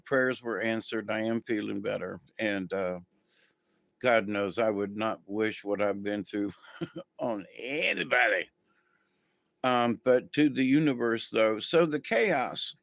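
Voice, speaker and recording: A man's voice: lowish voice, a little slow, vocal fry, no echo, studio quality. A man hosting a casual spiritual livestream, talking to viewers in a rambling, easygoing way with many ums and restarts. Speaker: spiritual channel host.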